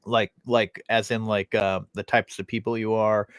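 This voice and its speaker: A man's voice: fairly low pitch, flat delivery, normal speed, dry recording. A man in his thirties hosting a podcast, telling loose stories full of swearing and fillers. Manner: loose storytelling, heavy swearing, frequent fillers. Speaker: podcast host. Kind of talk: casual chat.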